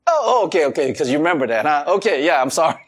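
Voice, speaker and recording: A man's voice: fairly high pitch, big pitch swings, rapid-fire, voice pushed down. A man voicing his wife, an amused, teasing adult woman, in a sermon.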